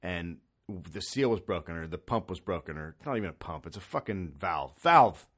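A man hosting a podcast alone at home, ranting comically in an exasperated, profane way with sudden loud bursts. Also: low-pitched, brisk, slightly rough. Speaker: podcast host. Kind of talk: solo comedic rant. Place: son's room in an apartment. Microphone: studio microphone.

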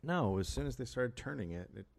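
Brief: gravelly man, lively swings in pitch, crude joking podcast co-host. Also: fairly quick. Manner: profane, jokey, reads history aloud. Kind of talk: casual comedic chat.

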